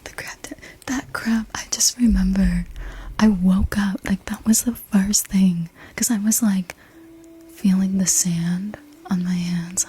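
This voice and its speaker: A woman's voice: mid-range voice, fairly even intonation, measured pace, warm tone, husky. A young woman telling a personal story in a whispered ASMR voice, casual and rambling, with the odd swear word. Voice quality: unvoiced whisper. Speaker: ASMR creator.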